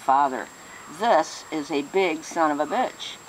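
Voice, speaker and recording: A blunt, exclamatory male fishing guide in a spoken joke, played by a woman telling it. His voice sits a little low and swings widely in pitch. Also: expressive, unhurried, a little hiss or hum, poor audio.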